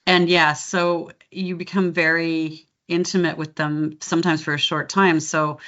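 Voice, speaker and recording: A woman dialect coach chatting in an interview, animated and breaking into laughter mid-sentence. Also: low-pitched, measured pace. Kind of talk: casual interview chat. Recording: dull lo-fi sound.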